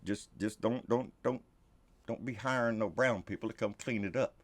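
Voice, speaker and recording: A man's voice: on the low side, moderate pace. A man ranting about politics, profane, sarcastic and heated. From Texas. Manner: profane, fiery, sarcastic, calls listeners "baby". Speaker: political vlogger.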